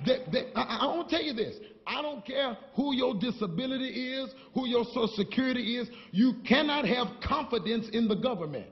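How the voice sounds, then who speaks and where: A man preaching a sermon, telling stories and building to shouted call-and-response with the congregation. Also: very high voice, animated, a little fast, few pauses. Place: church sanctuary. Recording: dull, long-reverb church hall recording.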